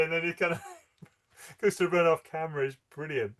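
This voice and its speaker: A man's voice: a little high, fairly even intonation, normal speed, fairly bright tone. A man, co-hosting a casual film podcast and laughing as he retells favourite scenes. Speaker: podcast co-host.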